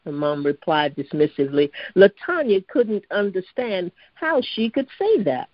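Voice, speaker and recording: A woman narrating a storybook aloud in a steady, even reading voice with occasional stumbles. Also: mid-range voice, measured pace, hardly any pauses, no room sound. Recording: dry, slightly dull lo-fi recording.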